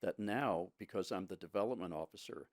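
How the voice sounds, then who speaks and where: Low-pitched man, reflective podcast co-host, restarts often, dry close sound. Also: no room sound. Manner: measured, reflective, many restarts. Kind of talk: casual podcast conversation.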